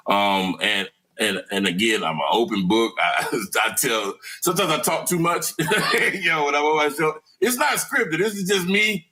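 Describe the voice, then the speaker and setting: A man speaks as a podcast guest in a mid-pitched, bright voice. He rambles through casual chat with restarts and filler words. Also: expressive, measured pace. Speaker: podcast guest, radio network founder.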